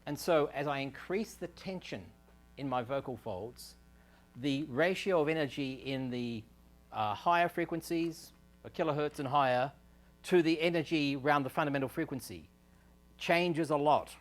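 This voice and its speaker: A man's voice: on the high side, moderate pace. A man giving a university lecture on speech science, explaining step by step, with fillers and restarts. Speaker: research scientist giving a technical talk. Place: lecture room.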